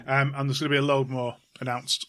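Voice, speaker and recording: A man's voice: mid-range voice, little pitch movement, fast talker, fairly bright tone. Man co-hosting a casual chat podcast. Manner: reads out long lists of names, dry and offhand. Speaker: podcast co-host.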